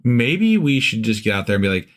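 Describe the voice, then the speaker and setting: A man's voice: mid-range voice, brisk. A man co-hosting a podcast, chatting casually and rambling with lots of fillers. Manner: rambling, many fillers, animated. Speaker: podcast co-host. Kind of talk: casual comedic chat.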